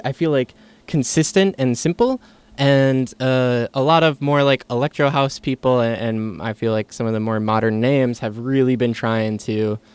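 Smooth-voiced enthusiastic male radio DJ. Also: mid-range voice. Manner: enthusiastic, rambling with many fillers and restarts. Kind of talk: casual on-air music chat. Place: radio studio. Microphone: studio microphone.

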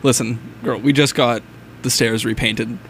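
A young man hosting a college radio show, chatting in a relaxed, rambling way with plenty of fillers. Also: medium pitch, a little slow, gravelly, slight background noise. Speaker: radio host. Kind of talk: casual college radio chat. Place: radio studio.

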